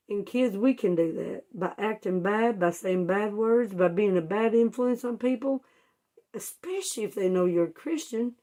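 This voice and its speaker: A woman's voice: medium pitch, dark tone. A woman with a mid-range voice tells a Bible story to children, keeping them with her by asking questions and answering them herself. Her phrasing is plain and homespun, the talk of a caring Sunday-school teacher. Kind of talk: storytelling Bible lesson for kids.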